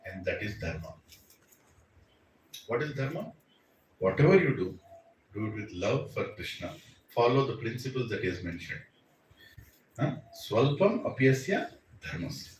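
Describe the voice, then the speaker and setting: A man's voice: medium pitch, sing-song, moderate pace, long pauses, a little hiss or hum. Indian man preaching in a roomy hall. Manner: storytelling, acts out dialogue, mixes in Hindi. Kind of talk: sermon. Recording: roomy, distant mic, faint ambience.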